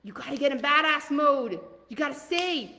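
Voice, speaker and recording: A woman coaching leaders in a live online masterclass. She talks casually and bluntly, swears now and then, and swings between loud punchy calls to action and soft asides. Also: high-pitched, lively intonation, normal speed, big-room sound. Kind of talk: motivational masterclass talk.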